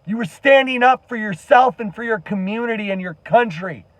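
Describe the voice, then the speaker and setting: A man's voice: high-pitched, normal speed, fairly bright tone, dry recording. A man giving an earnest, impassioned monologue to camera as a commentary vlogger, emphatic and swearing now and then.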